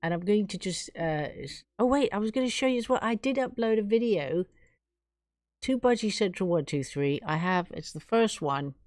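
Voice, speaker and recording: A woman's voice: medium pitch, animated, normal speed, darkish tone, no room sound, clean studio sound. A woman from England hosting her own live stream, chatting casually and gushing her thanks to viewers.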